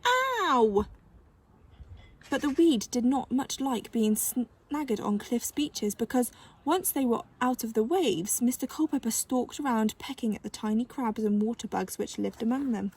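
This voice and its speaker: A woman reading a children's novel aloud with gentle, expressive storytelling. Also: fairly high pitch, normal speed, breathy edge. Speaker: narrator.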